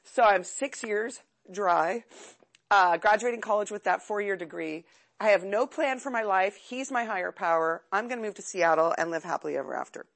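Gravelly-voiced woman sharing her story. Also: medium pitch, moderate pace. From California. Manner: chatty, frank, self-mocking. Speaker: speaker sharing at a recovery meeting. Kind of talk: candid personal testimony.

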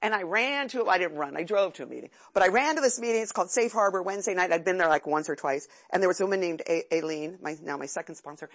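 Gravelly-voiced woman sharing her story. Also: fairly low pitch, quick pace, hardly any pauses. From California. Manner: chatty, frank, self-mocking. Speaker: speaker sharing at a recovery meeting. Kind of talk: candid personal testimony.

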